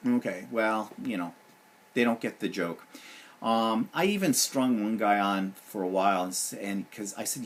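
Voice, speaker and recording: A man's voice: fairly low pitch, moderate pace. A man hosting his weekly vlog, griping sarcastically and with animation. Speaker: vlog host. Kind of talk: casual vlog rant.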